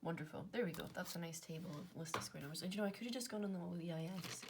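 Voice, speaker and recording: A woman's voice: on the low side, rapid-fire, background noise. A young Scottish woman with an Inverness accent, working through maths aloud in a casual way and muttering to herself between half-whispered asides. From Scotland. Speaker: maths content creator.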